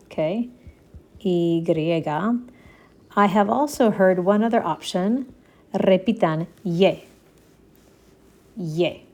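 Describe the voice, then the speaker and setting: A woman teaching at an unhurried, deliberate pace, with a voice of ordinary middle pitch. She guides learners through repeat-after-me drills with patient encouragement and frequent check-ins. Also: a little mellow. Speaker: Spanish teacher. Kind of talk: slow repeat-after-me language lesson.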